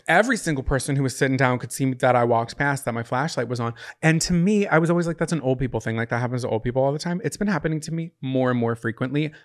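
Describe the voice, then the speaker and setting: A man co-hosting a podcast in casual chat, telling stories in an animated, sarcastic way, with swearing. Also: mid-range voice, fast, few pauses. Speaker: podcast co-host.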